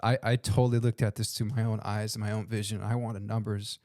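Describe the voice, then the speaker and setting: An earnest man with a lowish voice, chatting on a faith-driven podcast. He keeps tossing in "dude" and "man" as he talks. The sound is dry and close to the mic. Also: little pitch movement, fairly quick, a little mellow, dry recording. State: tearful while telling a story. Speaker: podcast co-host. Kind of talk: casual podcast conversation.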